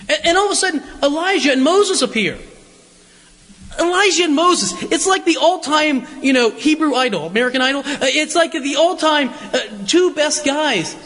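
Guy with a really high voice giving a chatty, jokey sermon, big church echo. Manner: lively, joking, asks the congregation questions. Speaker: preacher. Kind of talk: conversational sermon. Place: church sanctuary. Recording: long church reverb.

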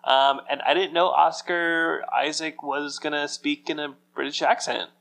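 A man co-hosting a podcast in casual chat, easygoing and quick to laugh, often giving short replies. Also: fairly high pitch, level tone, vocal fry, a bit bright. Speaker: podcast co-host.

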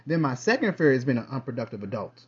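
A man hosting his own podcast in a casual, rambling monologue, with lively bursts and quiet trailing asides. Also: mid-range voice, fast talker, breathy edge, dull audio. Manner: chatty, loose, drifts between topics. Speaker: podcast host.

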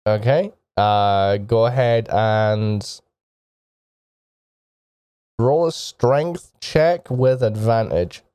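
A male game master narrating a tabletop game slowly, in a measured, descriptive way. His voice is mellow and low-toned, recorded close and dry. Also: clean tone, dry recording.

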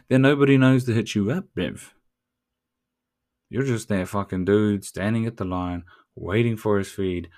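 A man's voice: low voice, darkish tone. A man hosting a motivational podcast, brash and profane, full of street slang. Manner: brash, swearing, street slang, calls listener "bruv".

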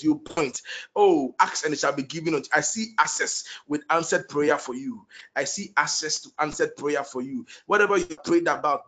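A man's voice: fairly high pitch, fairly bright tone. A man leading prophetic prayer, declaring blessings over named people with fervent, repetitive declarations.

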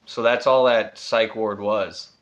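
A young man in casual podcast chat, animated and swearing, jumping high when he quotes himself. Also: slow pace. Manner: animated storyteller, swears a lot, jumps up high in quoted voices. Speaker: podcast co-host. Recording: roomy, dull sound.

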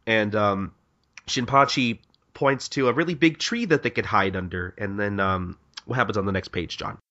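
A man's voice: lowish voice, normal speed, bright, forceful tone, highs cut off. A man co-hosting a podcast, recapping a manga in casual chat, often stammering and repeating words. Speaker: podcast co-host.

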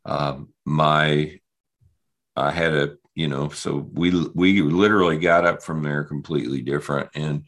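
A man's voice: rumbling low, steady tone, a little slow, a bit bright. A man, telling his life story in an interview with a rambling, conversational manner. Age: 60s. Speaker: guest.

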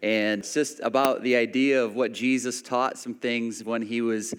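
A man's voice: mid-range voice, steady tone, normal speed, clean tone, long reverb tail. A man preaching a sermon, telling a personal story with many restarts and acted-out quotes. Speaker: pastor.

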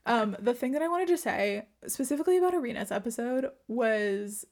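A woman's voice: a little high, lively intonation, a little fast, darkish tone. Young woman cohosting a chatty podcast, lots of likes and ums, giggles a bunch. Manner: chatty, fillers, giggly asides. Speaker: podcast co-host. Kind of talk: casual chat.

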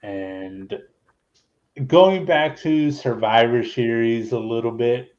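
Slow-talking annoyed man host, lo-fi. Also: medium pitch, darkish tone. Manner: annoyed and profane. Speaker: podcast host. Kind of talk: casual chat.

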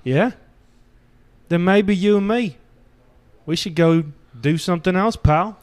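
A man's voice: high-pitched, extremely slow, fairly bright tone, clean tone, pitched above the performer's own voice, full character voice. A man putting on a cool British-slang career thief. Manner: mock British accent, slangy, swears. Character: cool, hardened male career thief, calm and blunt. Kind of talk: comedic screen read.

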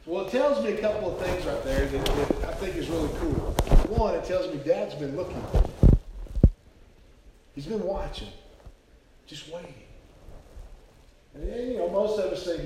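A man's voice: high voice, lively intonation, moderate pace, pauses often, heavy background noise. A man preaching a sermon, telling the story earnestly and stumbling over repeated words. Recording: very echoey hall, speaker far from mic.

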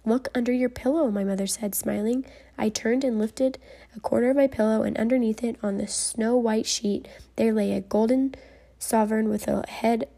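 Woman reading a story, dark gravelly voice. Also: on the high side, fairly even intonation. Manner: gentle, measured storytelling with soft whispered passages. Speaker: reader.

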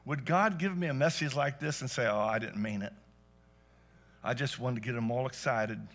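A man preaching a sermon to a church congregation, telling stories and rising to loud emphatic peaks. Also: medium pitch, normal speed, pauses often, faint music behind. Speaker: pastor. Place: church service.

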